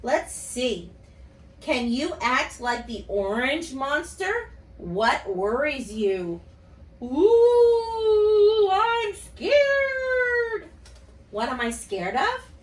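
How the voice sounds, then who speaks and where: A woman speech teacher reading and talking gently to young children in an online lesson. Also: on the high side, animated. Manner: gentle, slow, sing-song storytelling to kids. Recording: echoey room, voice a bit far from mic.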